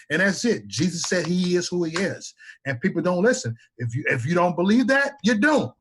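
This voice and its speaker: A man's voice: fairly high pitch, sing-song, a little fast, a bit bright, slightly rough. A man on a podcast panel talking in an emphatic, preachy way, repeating himself and swearing. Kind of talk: casual political podcast chat.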